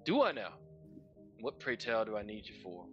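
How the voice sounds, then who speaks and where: A man's voice: lowish voice, very animated, moderate pace, a bit bright, highs cut off, soft background music. A man voicing a sinister, theatrical clown showman who calls himself a Duke of Hell, mocking and threatening. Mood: menacing.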